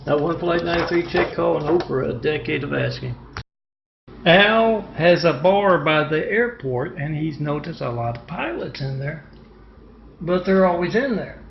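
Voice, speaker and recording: A man rants in a rambling, repetitive home video monologue, pausing often to hesitate. His slightly high voice has a gravelly edge. The lo-fi recording is dull and roomy, with faint noise behind him. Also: animated.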